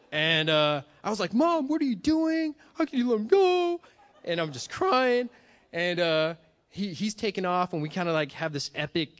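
Male pastor, sermon delivery, earnest, halting restarts, slightly raised pitch. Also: fairly bright tone.

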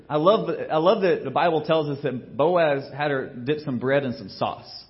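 A male pastor preaches with lively, story-driven energy, his voice sitting a little high for a man. He tosses in casual, joking asides and swings from loud to hushed. The recording is muffled and lo-fi. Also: normal speed, hardly any pauses. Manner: animated storytelling, acts out quotes with big swings in loudness. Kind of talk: sermon.

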